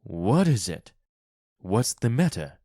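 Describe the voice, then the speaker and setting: A man's voice: lowish voice, slow pace, darkish tone, no echo, studio quality. A man playing a tired, fearful old man who pleads urgently and firmly. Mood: puzzled.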